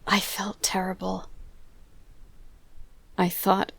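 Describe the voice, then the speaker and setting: A woman narrating an audiobook softly, often dropping into a whisper. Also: lowish voice, level tone, a little slow, creaky, no echo. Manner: soft, often drops to a whisper. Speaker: audiobook reader.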